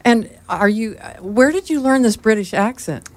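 Woman radio host, chatty and playful, quick to laugh. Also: a little high, animated. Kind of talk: radio interview.

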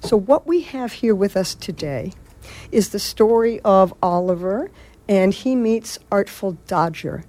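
Woman, theater director, measured and reflective, radio interview guest. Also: mid-range voice, lively intonation, warm tone.

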